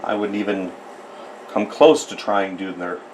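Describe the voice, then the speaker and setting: A man's voice: low-pitched, flat delivery, normal speed, darkish tone, a little hiss or hum, low-quality recording. A man from the United States narrating a casual drawing tutorial, chatty and rambling with self-deprecating asides. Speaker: art tutor.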